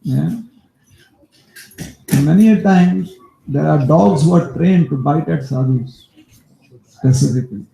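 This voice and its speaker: A male preacher telling a devotional story in a sermon, as an animated storyteller who turns aside to talk to his listeners. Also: a little high, measured pace, gravelly, long pauses, a little hiss or hum. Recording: echoey room.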